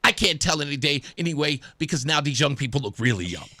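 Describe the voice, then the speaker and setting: A talk radio host spinning a story, his voice bright and ringing as it swoops up and down. He mimics each person he quotes and keeps the tale rolling. The studio sound is dry and close. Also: a little high, fast, dry recording. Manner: animated, acts out quoted voices.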